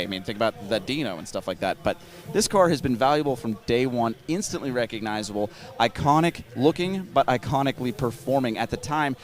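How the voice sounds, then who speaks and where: A man in his thirties, a co-host, talks through a car on a live auction stream with eager, chatty energy. His voice sits at an ordinary middle pitch. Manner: enthusiastic, chatty car talk. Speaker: co-host commentator.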